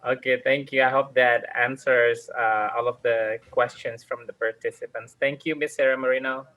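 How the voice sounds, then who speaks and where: A man's voice: medium pitch, steady tone, moderate pace, sharp tone, low-quality recording. A man moderating an online webinar, passing on questions with many hesitant fillers.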